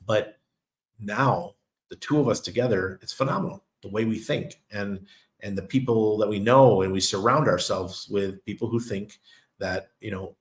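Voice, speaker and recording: New york guy rambling on his channel, kinda low voice, laughs a lot. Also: normal speed. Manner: chatty storyteller, laughs often. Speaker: crypto channel host. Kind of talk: casual monologue.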